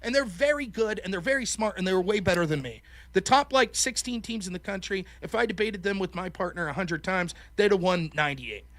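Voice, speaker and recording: A man hosting a call-in show, telling stories in animated, profane casual chat. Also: high-pitched, a little fast, dry recording. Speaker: podcast host.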